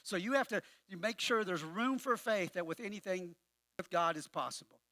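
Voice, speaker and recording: A man's voice: high voice, normal speed, bright, forceful tone, no room sound. A man pastor preaching a sermon in a conversational way, often repeating words as he restarts, with wry humorous asides. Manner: conversational with frequent word repetitions.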